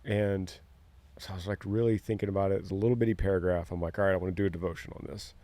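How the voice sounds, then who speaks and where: A man's voice: low voice, fairly even intonation, racing, mellow, no room sound. A middle-aged man, talking earnestly in a casual podcast chat and acting out quoted lines as he tells a story. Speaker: podcast co-host.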